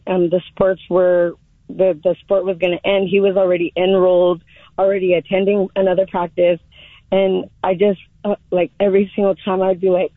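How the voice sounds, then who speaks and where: Emotional woman calling in, flat voice, tinny phone line, keeps stopping and restarting. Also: lowish voice, no echo. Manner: emotional, halting, many restarts. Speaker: caller. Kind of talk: call-in radio chat.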